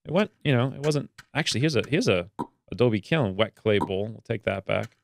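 Excitable man narrating his gameplay. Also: brisk, vocal fry. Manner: chatty, excitable, jumps to high pitch when delighted. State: stuffy nose. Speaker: let's play gamer. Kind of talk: casual gameplay commentary.

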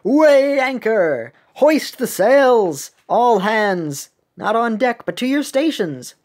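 A woman voicing a stern, commanding female sea captain from a cookie game, giving crisp orders in a fairly monotone delivery. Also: deep voice, a little slow. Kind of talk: reading game cutscene dialogue aloud.

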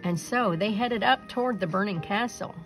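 Woman, children's picture book read-aloud, expressive, mid-pitched. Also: moderate pace, faint music behind, low-quality recording. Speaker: storybook reader.

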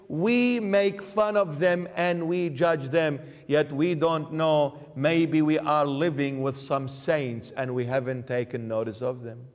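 A high-voiced man preaches an emphatic sermon, pressing his listeners with one rhetorical question after another. His words ring out with a long church reverb. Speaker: bishop preaching.

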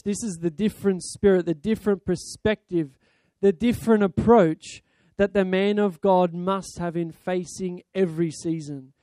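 A middle-aged Australian pastor delivers a sermon in a high voice with a mellow, warm tone. He preaches fervently and leans into prayer with repeated calls to the Lord. The recording is close and dry. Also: no echo. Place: church sanctuary.

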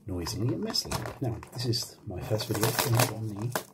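A man's voice: fairly low pitch, animated, a little fast, background noise. Wry, self-mocking man eating on mic. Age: adult, married. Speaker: ASMR channel host. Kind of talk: casual mukbang ASMR chat. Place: home with washing machine and computer running. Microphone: phone.

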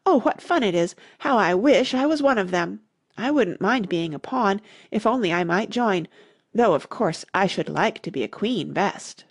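A woman's voice: medium pitch, expressive, normal speed, dry recording, studio quality. A woman voicing a curious, polite young girl in an audiobook. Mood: eager. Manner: eager, polite. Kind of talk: audiobook character reading.

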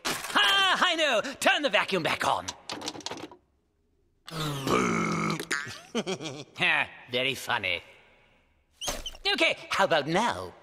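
An excitable young cartoon hero, voiced by a man, teasing and full of sudden ideas. He speaks slowly in a high, wildly swinging voice, with a long reverb trailing behind. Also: vocal fry, background noise, heavily acted. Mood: eager. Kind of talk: cartoon voice acting.

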